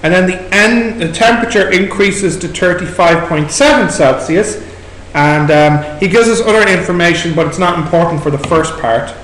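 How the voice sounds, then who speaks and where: An Irish male maths tutor works through exam questions with students, questioning and prompting them step by step. His high, slightly bright voice moves at normal speed with hardly any pauses. The echoey classroom recording has background noise.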